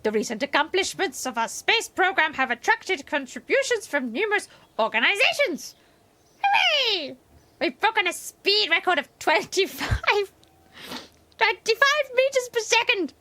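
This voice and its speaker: Woman doing tiny ancient alien sage, inverted syntax, high and sing-song, playful game stream bit. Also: sing-song, moderate pace, sharp tone, exaggerated voice. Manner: inverted word order, playful. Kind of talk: live game stream commentary.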